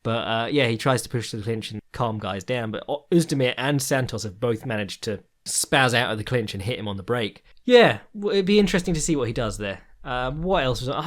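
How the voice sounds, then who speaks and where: A man chats loosely through his podcast commentary, full of ums and restarts. He swears freely and laughs now and then as he rambles on. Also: medium pitch. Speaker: podcast host.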